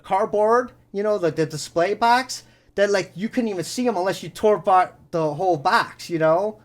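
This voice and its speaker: A man's voice: sits high, normal speed. A man hosting a podcast, telling a story casually and rambling, full of "you know" and swearing. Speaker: podcast host.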